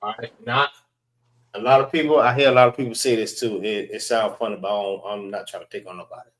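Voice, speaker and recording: A man teaching an alphabet class, drilling letter sounds slowly and repeating them for his students. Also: lowish voice, fairly even intonation, fairly bright tone, roomy sound. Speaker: class instructor.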